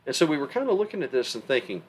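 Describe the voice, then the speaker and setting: Talking very fast in a husky, medium-pitched voice, a middle-aged man co-hosts a podcast. His casual conversation is animated and emphatic, told as stories.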